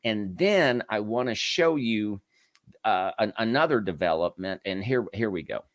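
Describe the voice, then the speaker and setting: Low-voiced rambling commentary host man. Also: lively intonation, a little slow, no room sound, studio quality. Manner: rambling, with many restarts and asides. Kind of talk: casual online commentary.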